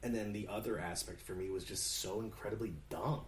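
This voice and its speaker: A man co-hosting a casual movie podcast, with a slightly low voice. He talks in a laid-back, slangy way and jokes about the film's flaws. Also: steady tone, fairly quick, slight background noise. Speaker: podcast co-host. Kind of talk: casual movie review chat.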